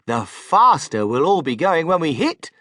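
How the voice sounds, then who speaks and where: A man voicing an eccentric grown male candy maker who is brisk, unflappable and emphatic, read for a storybook. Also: on the high side, big pitch swings, fairly bright tone, dry recording, studio quality, voice pushed up. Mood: insistent. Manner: emphatic, commanding, matter-of-fact.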